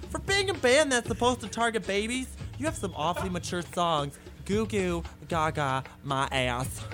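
A man playing a rude young man who mocks and insults everyone in a comedic rant. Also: high voice. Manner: snide, insulting, mocking.

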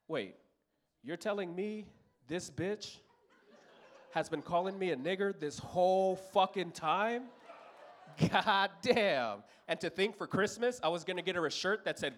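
A man's voice: high voice, normal speed. A man in his thirties from Los Angeles telling a profane stand-up story on stage. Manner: profane, storytelling, animated voices for characters. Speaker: stand-up comedian. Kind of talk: stand-up routine. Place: comedy club stage with audience.

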